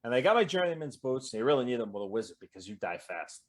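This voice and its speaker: Lively storyteller guest, male, animated and expressive delivery. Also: mid-range voice, fast talker. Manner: lively storyteller, acts out quoted voices, trails off mid-sentence. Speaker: guest author in audience Q&A. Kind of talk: animated storytelling in casual chat.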